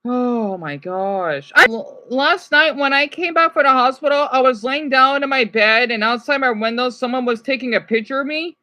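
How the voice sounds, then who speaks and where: A woman livestreaming, reacting to videos and chat, swinging between furious rants and quiet apologies. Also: sits high, steady tone, a little fast, hardly any pauses.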